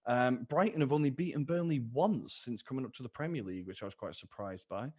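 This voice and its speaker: A man's voice: mid-range voice, fast, a little mellow. A man co-hosting a podcast, chatting casually and upbeat about football and laughing easily. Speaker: podcast co-host.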